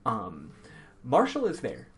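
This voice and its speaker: A man hosting a podcast, recapping a game in casual chat, rambling with lots of ums and quick laughs. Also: medium pitch, huge pitch swings. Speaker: podcast host.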